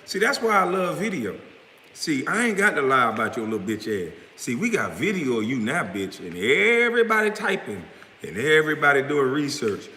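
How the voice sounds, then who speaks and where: A man's voice: medium pitch, very animated, normal speed, pushed and bright, roomy sound, in a large hall, slight background noise, poor audio. A man hosting a live stream, delivering a profane, confrontational rant. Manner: profane, confrontational, trash-talking.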